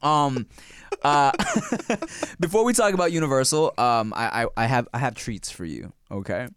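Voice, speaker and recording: A man hosting a podcast in casual, animated chat, swearing freely, laughing often and slipping into voices. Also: medium pitch, moderate pace, clear, resonant tone. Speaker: podcast host.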